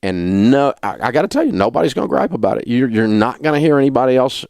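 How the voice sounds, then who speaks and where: A man's voice: medium pitch, animated, fast talker, creaky, a little mellow, no room sound, studio quality. A middle-aged man hosting a talk radio show, ranting in an indignant, sarcastic way. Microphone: studio mic.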